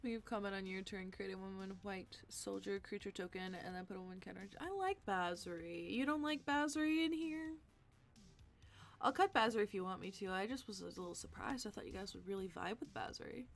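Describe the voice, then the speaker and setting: A woman's voice: medium pitch, normal speed, gravelly, faint music behind. A woman hosting a live stream, chatting casually and answering viewers' comments as she thinks aloud. She is tired and sleepy. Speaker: livestream host.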